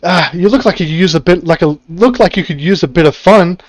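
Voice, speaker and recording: A man's voice: sits high, fairly quick, dry recording, pitched above the performer's own voice. A man voicing a cheerful, half-dressed young man on the run, breezy and wheedling as he asks for help.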